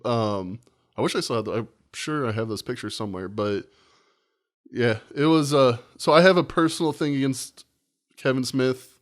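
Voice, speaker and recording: A man's voice: medium pitch, normal speed. A man in his thirties co-hosting a podcast, telling a profane anecdote in casual chat and acting out the quotes. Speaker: podcast co-host.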